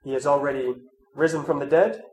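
A man with a cold and a nasal, congested voice, reading scripture and then giving a measured, reflective sermon talk. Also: on the high side. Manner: measured, reflective, with soft asides. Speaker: preacher leading an Advent talk series. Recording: roomy echo, faint ambient noise.

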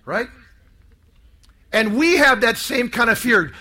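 A man's voice: extremely high pitch, animated, slow pace, pushed and bright. A man preaching a sermon to a live audience, emphatic and calling for responses.

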